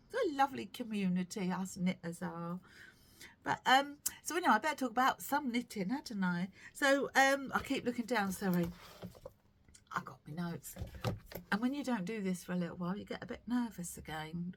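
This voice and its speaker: A woman's voice: mid-range voice, a little hiss or hum. Chatty woman knitting vlogger. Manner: chatty, self-deprecating, rambling with frequent ums. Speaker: knitting podcast host. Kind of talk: casual chat to camera.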